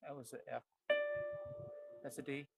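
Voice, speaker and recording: A man's voice: mid-range voice, little pitch movement, normal speed, vocal fry. A man giving a casual ear-training lesson at the piano, naming the notes he plays and thinking aloud as he goes. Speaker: piano teacher. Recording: piano loud behind voice. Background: piano playing.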